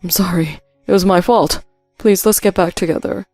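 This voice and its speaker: A grown man whines and begs, his voice climbing high and loud, as a woman puts him on. There is a gravelly catch at the bottom of his tone. He sounds petulant and stretched thin. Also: fairly even intonation, moderate pace, dry recording, faint music behind, lightly acted. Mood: whiny pleading. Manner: whining, pleading, high-strung. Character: whiny grown husband, pleading and petulant.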